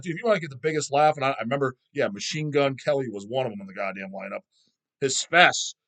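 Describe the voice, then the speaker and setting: A man's voice: a little high, a bit bright. A man hosting his own video channel, ranting and swearing constantly in a mocking, scornful way. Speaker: channel host. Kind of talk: profane rant vlog.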